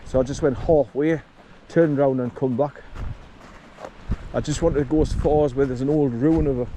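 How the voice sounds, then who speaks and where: A man's voice: mid-range voice, steady tone. A man, chatting while walking outdoors in windy drizzle, filmed on a chest-mounted camera. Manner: chatty, talks to his dog between remarks. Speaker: vlogger. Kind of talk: casual walking vlog. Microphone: camera on chest harness. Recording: strong wind noise on mic. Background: wind and rushing water.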